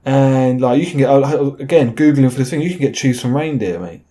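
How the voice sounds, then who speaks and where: Chatty rambling man, mellow voice. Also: medium pitch, fairly quick. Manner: chatty, tag questions like "right?", many fillers. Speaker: video host. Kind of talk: rambling casual monologue.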